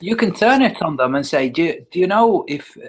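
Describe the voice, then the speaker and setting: A man as a guest in a casual online chat, calmly explaining his points. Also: high-pitched, a little fast. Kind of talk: casual chat on a video call.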